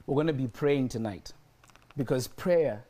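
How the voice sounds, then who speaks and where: A man's voice: mid-range voice, measured pace, dark tone. A man preaching a sermon and telling a personal story, repeating his phrases for emphasis.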